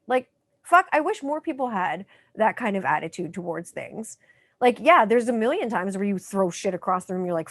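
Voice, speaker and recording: A woman in her thirties from Canada hosting a podcast in casual chat, animated and full of fillers, swearing freely. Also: mid-range voice, moderate pace, no room sound. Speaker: podcast host.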